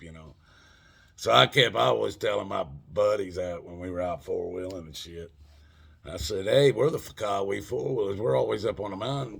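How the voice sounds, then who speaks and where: Man, middle-aged, gravelly, husky, profane casual storyteller. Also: fairly low pitch, a bit bright. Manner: profane, rambling, addresses listeners as folks. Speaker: channel host telling a story.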